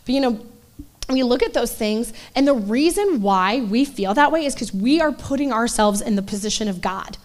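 A woman in her forties giving a conversational sermon to a church group, animated and acting out voices in asides. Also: a little high, normal speed. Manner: animated, acts out quoted voices, loose asides. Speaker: church speaker.

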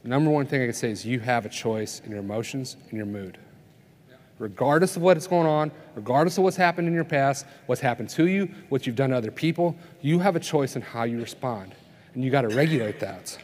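A man's voice: medium pitch, brisk, a little mellow. A man giving a conversational sermon at a family conference, telling stories and asking the audience questions. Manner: conversational preaching, tells stories, asks the crowd "right?". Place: conference hall. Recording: long reverb of a conference hall.

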